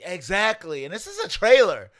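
A man co-hosting a casual movie podcast, animated and laughing, swearing and mocking voices as he jokes. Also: sits high, normal speed. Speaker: podcast co-host.

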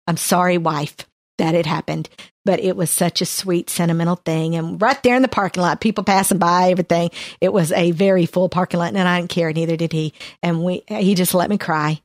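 A woman's voice: lowish voice, steady tone, brisk, dry recording, studio quality. A woman, a podcast co-host sharing a personal testimony in an earnest, heartfelt way.

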